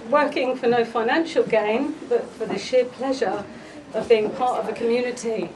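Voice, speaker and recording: A woman delivers a fond, heartfelt eulogy at a memorial gathering, chuckling now and then as she speaks. Her voice sits a little high. She is picked up by a distant microphone, with clear background noise behind her. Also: normal speed. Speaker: eulogy speaker, friend of the family.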